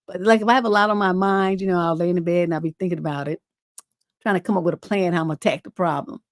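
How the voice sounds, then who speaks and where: Racing along with fairly even intonation, a middle-aged woman with a lowish voice hosts her advice livestream as a relationship coach. She's blunt and cusses freely, rambling with fillers as she tells stories and reads viewer letters. The audio is close and dry, with no room echo.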